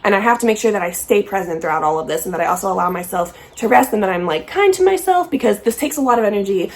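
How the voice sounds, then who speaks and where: A young woman rambles through a relaxed, casual chat. She is stoned and easily sidetracked, swearing freely and giggling. Her voice sits at an ordinary, middle pitch. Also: fast talker. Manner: high and easily distracted. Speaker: vlogger and podcast host. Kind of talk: casual chat while smoking.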